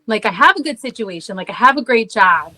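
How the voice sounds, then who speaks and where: A woman's voice: on the high side, animated, fairly quick, bright, forceful tone, rough recording. A woman in her thirties, a podcast guest, telling a story in casual conversation, saying "like" often and laughing at herself.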